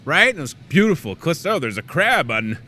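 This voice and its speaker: Male host, thirties, jokey rambling chat, wide swinging pitch, live store show. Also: fairly quick, slight background noise. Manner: animated, jokey, rambling asides. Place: grocery store set.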